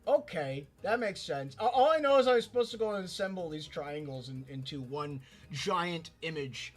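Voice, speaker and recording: A man's voice: fairly high pitch, animated, moderate pace. A man hosting a casual drawing live stream, rambling and repeating words as he reads chat aloud. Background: faint background music.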